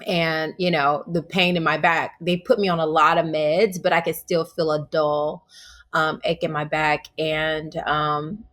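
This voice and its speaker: A woman's voice: low-pitched, measured pace. A woman from Tennessee with a Southern accent, a guest telling her life story in an interview, acting out what people said with laughs. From Humboldt, Tennessee, US. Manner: animated, acts out quotes with laughter.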